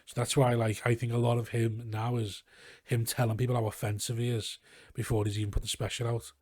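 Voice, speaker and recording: A young Scouse man, a comedian, chatting casually in a podcast, rambling and animated as he tells stories and swears freely. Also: mid-range voice, brisk, no echo, clean studio sound. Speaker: comedian guest. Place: garage.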